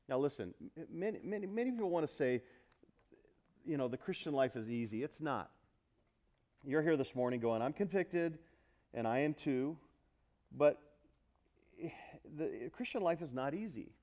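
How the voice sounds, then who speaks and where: A pastor preaches to his congregation at medium pitch, animated and emphatic. He calls on the room for responses, then drops into quiet, earnest teaching.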